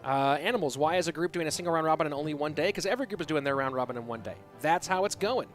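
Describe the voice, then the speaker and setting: A man casting a live esports match on his own, answering chat between excited play calls. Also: a little high, rapid-fire. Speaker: esports caster. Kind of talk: solo live esports commentary with chat reading. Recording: loud music behind voice.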